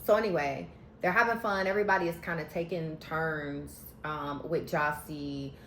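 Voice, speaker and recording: A woman's voice: low voice, steady tone, normal speed, a bit bright, a little hiss or hum. A woman recapping a reality show in a casual, sassy, slangy way, giving candid opinions. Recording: echoey room.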